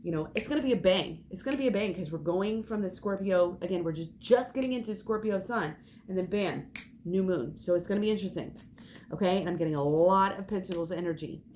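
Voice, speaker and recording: A woman's voice: lowish voice, a little fast, a little mellow, slight background noise. A young woman giving an emphatic spiritual pep talk as a tarot reader, swearing and laughing as she speaks.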